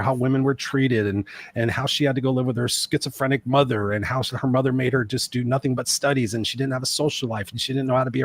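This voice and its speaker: A man in his fifties, a guest life coach in a casual panel discussion, telling a personal story earnestly and repeating phrases for emphasis. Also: medium pitch. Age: 50s.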